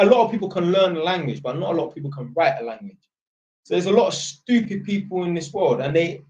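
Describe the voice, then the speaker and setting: A man's voice: a little high, darkish tone. A young man chatting on a live stream, rambling and blunt, swearing freely. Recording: dull lo-fi sound.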